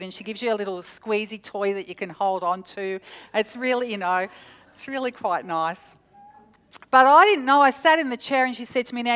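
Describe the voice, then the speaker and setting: A middle-aged woman preaching a sermon, telling stories with animated, acted-out quotes. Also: mid-range voice, clear, resonant tone. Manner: animated storytelling, acts out quotes.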